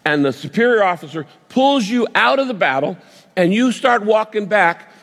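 A male pastor preaches through vivid storytelling, stopping and restarting as he builds each scene. His voice is fairly high for a man and a bit bright, with lively intonation at normal speed, and long reverb trails every phrase as if in a large hall.

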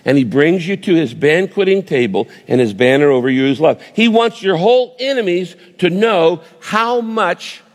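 Man, pastor, sermon, vivid storytelling, pauses and restarts, fairly high voice, long hall reverb. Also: lively intonation.

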